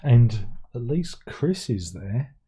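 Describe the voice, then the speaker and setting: A man's voice: mid-range voice, very animated, takes it slowly, warm tone, husky. An older British man hosting a casual livestream, rambling and chatting with dry, self-mocking asides. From Britain. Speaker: livestream host.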